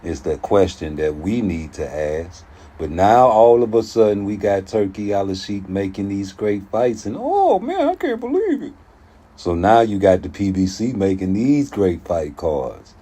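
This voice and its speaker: A man giving casual boxing commentary in a slangy, profane, animated way. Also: sits low, unhurried.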